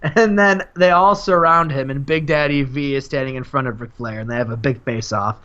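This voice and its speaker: A man casually narrating a wrestling simulation game, animated and laughing as he tells it. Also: medium pitch, brisk. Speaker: guest co-host. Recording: lo-fi mic.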